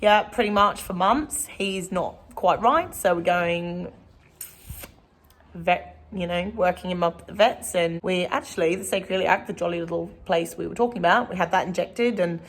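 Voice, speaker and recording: A woman's voice: on the low side, normal speed. A woman, a horse trainer, talking casually and at length to a camera outdoors in a rambling vlog. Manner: chatty and rambling.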